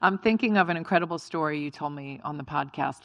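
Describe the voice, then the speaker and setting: A woman host leads a live on-stage interview with encouraging questions. Her voice is low and gravelly with vocal fry, and the sound is dry and close. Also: fast, fairly bright tone, no room sound, muffled recording. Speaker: podcast host.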